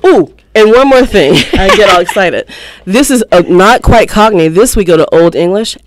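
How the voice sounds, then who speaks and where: Lively man hosting a radio talk. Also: sits high, normal speed, no echo. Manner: lively, laughs often, explains with examples. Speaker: radio show host. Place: radio studio. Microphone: studio microphone.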